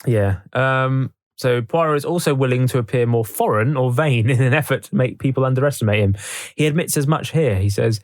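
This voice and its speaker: A man's voice: mid-range voice, brisk, few pauses, darkish tone, no room sound. A man co-hosting a podcast, reading from notes in a dry, casual way. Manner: reads from notes, dry, laughs easily. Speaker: podcast co-host.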